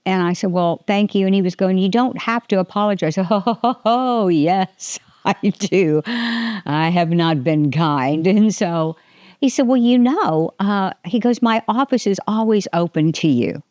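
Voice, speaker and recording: A woman's voice: medium pitch, lively intonation, a little slow, darkish tone, no room sound, studio quality. An older woman hosting a casual faith podcast, rambling and restarting her sentences, often laughing. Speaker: podcast host.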